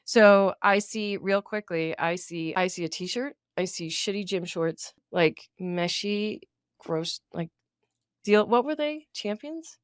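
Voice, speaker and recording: A woman co-hosting a podcast, chatting casually and acting out her own reactions as she tells a story. Her pitch sits in the middle, and her laughs come often. The sound is dry and close. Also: slow pace, clear, resonant tone, no echo. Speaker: podcast co-host. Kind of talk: casual chat.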